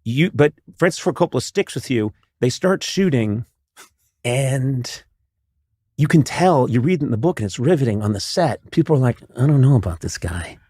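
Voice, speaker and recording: A man's voice: mid-range voice, normal speed, dry recording. Man with a dry, close podcast voice. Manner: rambling, restarts, animated retelling with laughs. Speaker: podcast host. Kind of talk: casual conversational podcast talk.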